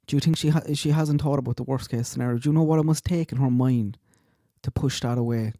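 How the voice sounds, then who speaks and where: A man's voice: medium pitch, fast talker, warm tone, no echo, clean studio sound. A man hosting a true crime channel, commenting indignantly over clips. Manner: indignant, rhetorical questions.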